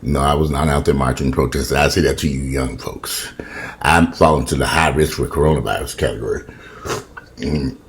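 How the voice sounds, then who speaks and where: A man's voice: rumbling low, fairly quick. A man in his fifties ranting profanely and animatedly in a casual home vlog, filming himself on a camera in his kitchen. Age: 50s. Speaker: vlogger.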